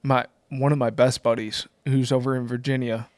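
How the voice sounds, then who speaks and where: A man's voice: medium pitch, normal speed, no room sound, studio quality. A man who is a podcast guest, telling stories in casual chat around a table and laughing often as he talks. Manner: animated storyteller, laughs often.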